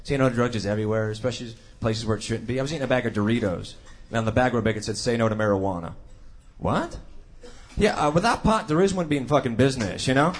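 A man's voice: mid-range voice, fast talker. A man doing a stand-up routine, delivering wry, sarcastic punchlines. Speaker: stand-up comedian.

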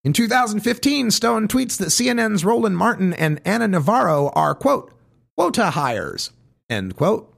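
A man delivering pointed commentary, reading quotes one after another in a measured way and stressing each one with pauses. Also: high voice, very animated, vocal fry.

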